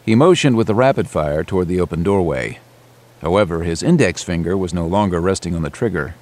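A man reading an adventure audiobook in a steady, measured way. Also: low-pitched. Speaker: narrator. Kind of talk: audiobook narration.

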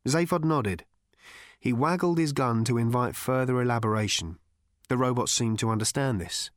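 A man narrating a story as an audiobook in a dry, wry, measured way. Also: medium pitch, dry recording.

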